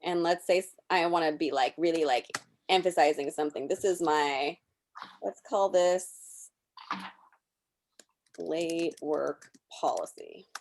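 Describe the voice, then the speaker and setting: A woman presenting a workshop over a video call, explaining software step by step as she clicks through it. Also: on the low side, normal speed, slight background noise. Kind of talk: live software demonstration.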